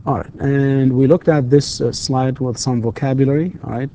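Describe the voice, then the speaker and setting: A man's voice: medium pitch, fairly even intonation, normal speed, hardly any pauses, dark tone, dull audio. A man giving a university English lecture, switching between explanations and English example questions. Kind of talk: recorded distance-learning lecture.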